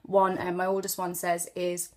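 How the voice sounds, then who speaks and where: A woman with a Geordie accent from northeast England, chatting casually through an accent tutorial as a mother of two, sing-songy and quick to laugh. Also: fairly low pitch, monotone.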